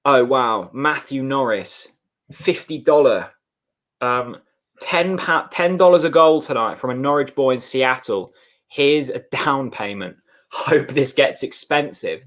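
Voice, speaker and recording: Guy hosting a footy watchalong, chatty and excitable. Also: mid-range voice, measured pace. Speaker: co-host of a football watchalong. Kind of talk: casual live match chat.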